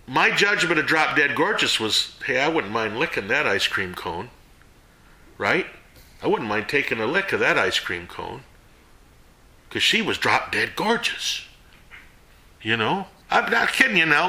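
A man giving a casual sermon to a small group, folksy and animated, jumping between loud and hushed. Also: on the high side, echoey room. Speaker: Bible teacher.

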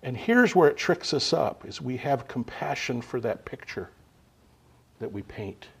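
A man preaching a sermon to a gathering, unhurried, swinging from loud emphasis to quiet asides. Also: mid-range voice, lively intonation, creaky, breathy edge.

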